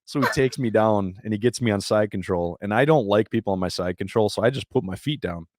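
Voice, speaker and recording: Man, low voice, dry close sound, casual, swearing, energetic storytelling. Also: fast talker, no echo. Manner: profane, laughing, energetic storytelling. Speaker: podcast guest, jiu-jitsu brown belt and former MMA fighter.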